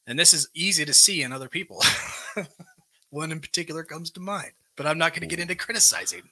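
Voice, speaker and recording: A man's voice: a little high, brisk, pushed and bright, husky. A man hosting a live recovery group, plainly reading out character defects from a workbook and explaining each one. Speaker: recovery meeting host. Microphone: live stream microphone.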